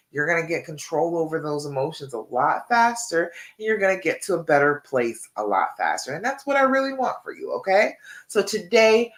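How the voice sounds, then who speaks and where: A middle-aged woman, coaching on a live stream in an encouraging way and often checking in with "okay?". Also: deep voice. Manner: encouraging, repeats key points with frequent "okay?" check-ins. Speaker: relationship coach.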